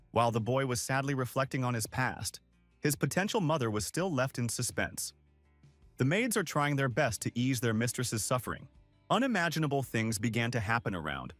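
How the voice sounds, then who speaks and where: Dramatic recap narrator guy, lively pitch, dry voice, soft guitar music under. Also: no echo. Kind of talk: scripted story narration.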